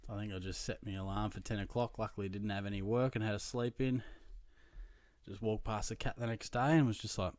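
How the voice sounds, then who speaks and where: Low-voiced Australian man telling a rowdy story. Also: brisk, no room sound. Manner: animated, profane, self-mocking anecdote telling. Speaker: podcast host. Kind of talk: casual storytelling.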